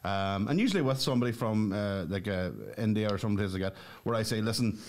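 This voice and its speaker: A man with a fairly low voice, co-hosting a podcast. He chats in a laid-back, wry way and recounts things without fuss. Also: fast talker. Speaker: podcast co-host. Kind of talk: casual chat.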